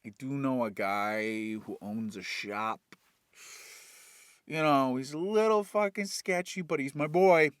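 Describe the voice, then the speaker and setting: A man's voice: medium pitch, measured pace, clean tone, dry recording, clean studio sound, pitched below the performer's own voice, natural voice. A man voicing a laid-back, cocky male space pirate. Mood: confident.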